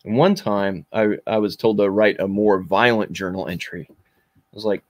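A man's voice: deep voice, fairly even intonation, a little fast, no room sound, clean studio sound. A man in his forties, a podcast guest, bluntly and intensely recounting his own past with frequent fillers. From Kentucky. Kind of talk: personal storytelling.

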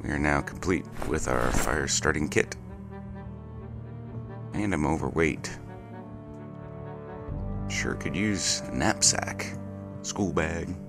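A man's voice: extremely low pitch, expressive, slow pace, vocal fry, pauses often. A man giving casual running commentary while playing a video game, muttering his moves with filler words. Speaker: gaming video host. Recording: game music playing behind.

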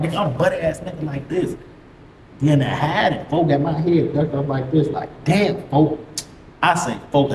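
A young man telling a story in a casual, slangy, profane monologue full of repeated catchphrases. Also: fairly high pitch. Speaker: vlogger. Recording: echoey room, faint hiss.

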